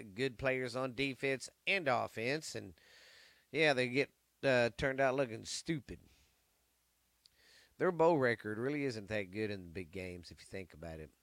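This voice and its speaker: Brief: rambling, swearing male sports host, bright crisp voice, dry sound. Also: medium pitch, dry recording. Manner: rambling, profane. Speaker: podcast host. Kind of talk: casual sports chat.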